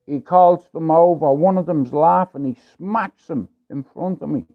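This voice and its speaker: A man from Ireland telling a rough story on his livestream, blunt and full of swearing, in a casual streetwise way. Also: a little high, unhurried. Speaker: livestream host. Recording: tinny phone-like livestream audio.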